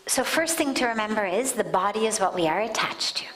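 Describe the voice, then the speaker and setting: A woman spiritual teacher giving a deliberate discourse in a satsang hall, often dropping to soft near-whispers. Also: mid-range voice, lively intonation. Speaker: spiritual teacher answering questions.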